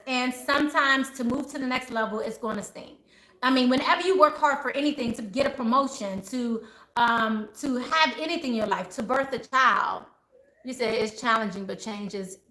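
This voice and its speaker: Woman, high-pitched, passionate, preachy, casual live-stream talk, echoey room. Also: sharp tone. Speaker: spiritual reader hosting a live chat.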